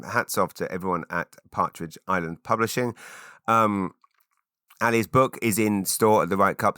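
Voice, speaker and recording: A middle-aged man hosts a solo podcast, wandering from topic to topic with frequent fillers and false starts. His voice sits low but has a bright, forceful edge. The recording is close and dry. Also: clean tone, dry recording. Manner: rambling, many fillers and restarts. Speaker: podcast host. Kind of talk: casual solo chat.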